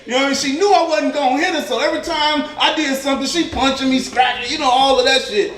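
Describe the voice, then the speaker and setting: A man doing stand-up comedy, telling profane stories in an animated way and laughing at his own jokes. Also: very high voice, fast talker. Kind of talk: stand-up storytelling. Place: comedy club stage. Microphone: stage mic. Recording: echoey club from a distant mic. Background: audience laughter.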